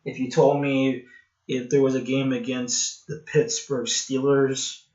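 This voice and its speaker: A man's voice: mid-range voice, little pitch movement, a little slow, a little mellow. A man delivering a blunt, sarcastic commentary rant, mocking and scornful as he talks. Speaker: vlogger. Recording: dull, roomy home recording.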